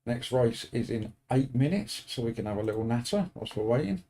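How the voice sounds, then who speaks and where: A man's voice: mid-range voice, very animated, fairly quick, dark tone. A British man chatting casually with his live stream audience as a sim racing streamer, dropping dry joking asides.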